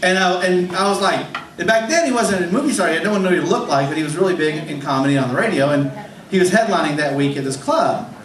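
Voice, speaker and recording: Rambling self-deprecating comedy host. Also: male voice, high-pitched, expressive, fast talker, fairly bright tone. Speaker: open mic host. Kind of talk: stand-up storytelling. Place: comedy club stage. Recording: echoey club room, distant mic, faint hum.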